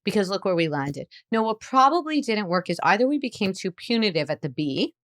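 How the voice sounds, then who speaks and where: A woman, a psychologist guest on a podcast interview, explaining parenting in an animated way. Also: mid-range voice, a little fast, no room sound, studio quality. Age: adult parent. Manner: animated explainer who acts out playful lines.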